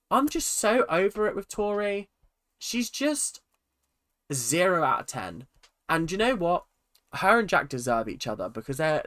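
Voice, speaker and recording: A man delivering an animated, exasperated reaction vlog about a reality TV show, reviewing it as a regular YouTuber. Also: a little high, no echo, clean studio sound. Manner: animated, exasperated, mocking impressions.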